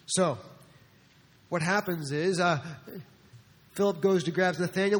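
High-voiced pastor preaching in a reverberant hall. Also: male voice, measured pace, long pauses. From New Jersey. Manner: conversational, joking asides, acts out quotes. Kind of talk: sermon.

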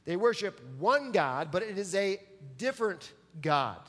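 A man's voice: high-pitched, sing-song, a little slow, fairly bright tone, long reverb tail. A man preaching a sermon as pastor, emphatic and pressing his listeners to answer back. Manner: emphatic, calls for audience response.

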